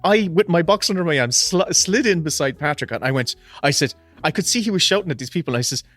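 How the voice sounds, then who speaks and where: Soft music plays behind this podcast co-host, an Irish man who animatedly tells a story, laughing and cursing frequently as they chat casually. He talks fast and expressively in a fairly high, somewhat bright voice.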